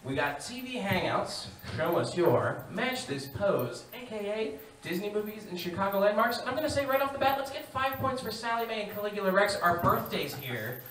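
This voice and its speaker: High-pitched, energetic man hosting a live game show. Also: moderate pace, few pauses, slight background noise. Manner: energetic showman, bursts of shouting. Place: live stage before an audience. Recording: echoey room from far off, loud crowd.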